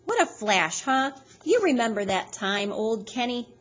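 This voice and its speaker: A woman reading aloud, voicing a loud, mocking woman who giggles and taunts. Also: on the high side, very animated, unhurried, pitched above the performer's own voice, exaggerated voice. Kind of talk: read-aloud storytelling.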